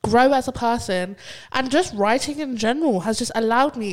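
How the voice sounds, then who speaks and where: A woman's voice: fairly high pitch, moderate pace. A woman, a poet chatting animatedly as a podcast guest. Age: 20s. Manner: animated and expressive, mock-quoting others. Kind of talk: casual chat.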